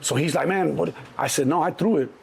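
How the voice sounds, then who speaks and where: A middle-aged man, telling stories as an interview guest in a lively, profane way and acting out other people's voices. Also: brisk, vocal fry, husky. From Chicago. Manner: animated, acts out other people's voices in a higher pitch, profane. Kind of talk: storytelling in an interview.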